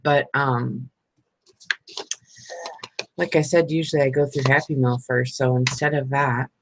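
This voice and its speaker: A woman's voice: a bass voice, steady tone, measured pace, noisy background. A middle-aged woman chatting casually and sleepily on a live stream, rambling and asking "you know what I mean" often. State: sleepy, yawning. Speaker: crafting channel host.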